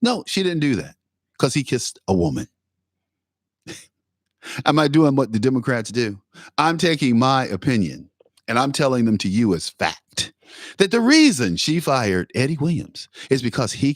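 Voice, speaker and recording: A male talk show host from Michigan delivering an opinion monologue, sarcastic and animated, often laughing at his own points. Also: medium pitch, normal speed, dry recording, studio quality. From Pontiac, Michigan, USA.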